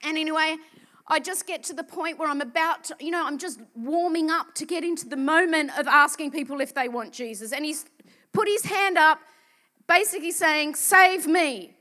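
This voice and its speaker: A woman evangelist giving an animated, emphatic sermon testimony. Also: high voice, brisk.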